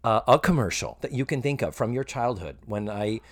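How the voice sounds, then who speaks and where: Podcast host, man, lively swooping delivery, campy, close dry mic. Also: medium pitch, no echo. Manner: animated, camp, does quick voices of characters. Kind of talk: casual podcast chat.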